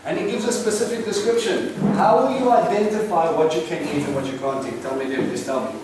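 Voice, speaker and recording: A man giving an earnest, animated bible teaching to a congregation and asking them questions. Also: on the high side, quick pace. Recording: echoey room from a distant mic, noisy.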